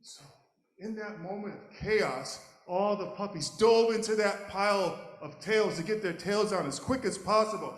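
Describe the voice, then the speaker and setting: A man telling a folk tale to a live audience, animated and playful, often chuckling. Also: sits high, moderate pace. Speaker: storyteller. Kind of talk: live storytelling. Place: large hall at a live event. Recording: echoey hall, live audience.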